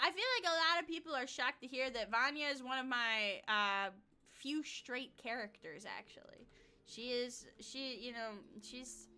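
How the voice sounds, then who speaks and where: A woman's voice: fairly high pitch, lively intonation, a little slow, pushed and bright, clean tone. A young American woman streaming a game and chatting casually, giggly and blunt, swearing freely. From United States. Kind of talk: casual gaming livestream chat.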